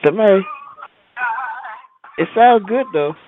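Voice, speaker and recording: Man, radio host, lively voice, slow pace, phone-like tinny audio. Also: sits high, over loud music. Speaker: radio talk show host. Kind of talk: casual call-in radio chat.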